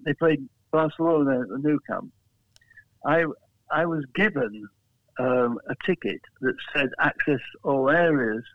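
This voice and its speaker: An English man talks through a tinny phone line, his voice a little higher than most. He rambles through his stories with frequent restarts and chuckles, in easy interview chat. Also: no room sound. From England. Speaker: guest, flag maker.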